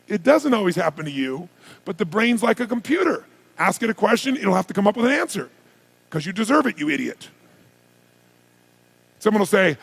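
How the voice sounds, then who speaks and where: A man giving a live motivational seminar on a stage before a large audience, energetic, firing rhetorical questions at the crowd and at times shouting to rouse them. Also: high-pitched, a little fast, gravelly, breathy edge. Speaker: motivational speaker.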